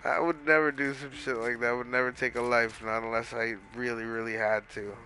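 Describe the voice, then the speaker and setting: Male streamer, mid-pitched, tense bright tone, loose profane storyteller talking over gameplay. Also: flat delivery, fairly quick, slight background noise, rough recording. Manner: rambling, heavy swearing, filler-laden. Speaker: gaming streamer. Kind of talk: casual storytelling while gaming.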